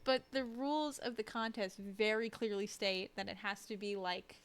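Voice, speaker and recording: A woman streamer chatting casually while she draws, rambling and self-deprecating, with lots of fillers and restarts and a habit of dropping to a low mutter as she works. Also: little pitch movement, moderate pace, a bit bright. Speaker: streamer and artist. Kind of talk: casual live-stream chat while drawing.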